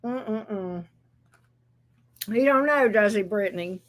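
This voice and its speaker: A woman's voice: mid-range voice, takes it slowly. A woman, chatting casually while she gives tarot readings on a livestream, loose and joking. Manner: chatty and loose, laughs and swears, talks to chat and her pets.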